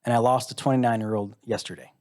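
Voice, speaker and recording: A man's voice: medium pitch, steady tone, fast talker, a little mellow. A middle-aged American man tells a personal story in a live interview. He speaks in a mid-range voice, candid and earnest with a dry wry humor, and slips into the voices of the people he quotes. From United States. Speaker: interview guest, musician.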